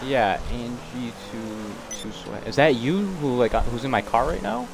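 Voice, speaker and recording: A man's voice: mid-range voice, unhurried, creaky. A young man chats through a live game stream, playful and hyped, calling out to viewers and teasing the characters around him. His voice sits in an ordinary middle range, and a faint hiss lingers under the recording. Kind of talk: casual live-stream chatter.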